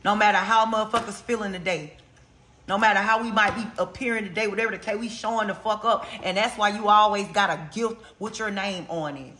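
Tarot reader, casual reading, blunt and profane, slangy, repeats for emphasis, bright tone. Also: mid-range voice, fairly even intonation, fairly quick. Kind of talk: casual spiritual reading to camera. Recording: roomy echo.

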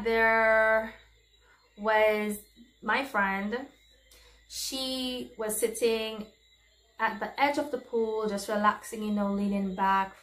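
A woman's voice: medium pitch, fairly bright tone. Chatty woman telling a storytime vlog. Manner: candid, chatty, exclamatory. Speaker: vlogger. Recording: roomy echo.

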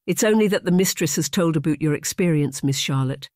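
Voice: medium pitch, a little fast, dry recording, close to an everyday voice. Young Scottish maid girl, broad Scottish brogue, shy and earnest, dry close voice, read by a narrator. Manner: broad brogue, soft and plain.

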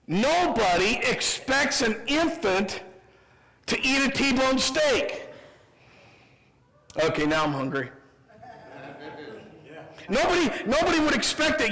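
High-voiced animated pastor in reverberant church. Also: male voice. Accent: Midwestern American. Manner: humorous, animated preaching with quick asides. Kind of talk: sermon. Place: church sanctuary. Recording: church sanctuary with long reverb.

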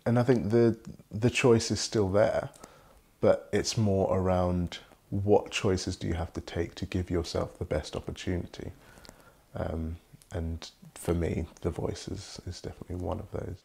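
Deep gravelly young man, measured and thoughtful. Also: flat delivery, a little mellow. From Britain. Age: young adult. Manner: measured, thoughtful, polished professional delivery. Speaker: guest. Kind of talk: reflective conversation.

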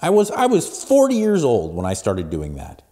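Man in his forties, podcast host, swooping pitch, mellow tone, blunt and emphatic, cusses freely. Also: wildly swooping pitch, normal speed. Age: 40s. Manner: emphatic, profane, swings between hushed and loud. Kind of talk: solo motivational podcast talk.

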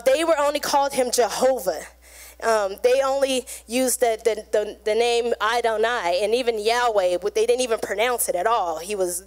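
High-voiced woman preaching casually. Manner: casual, conversational preaching with acted quotes. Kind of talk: sermon.

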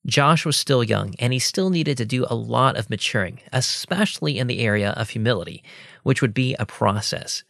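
A man reading scripted narration in a measured, steady way. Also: mid-range voice, creaky, no room sound, studio quality.

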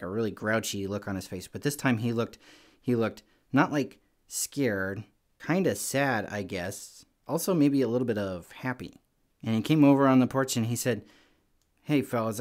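A man telling a story for a children's church program, chatty and youthful, with many fillers. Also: mid-range voice.

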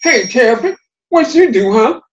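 Brief: man doing a big boastful bear, lively drawl, storybook telling. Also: very high-pitched, normal speed, muffled recording, noisy background, voice pushed up. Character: big strong male bear, boastful bully.

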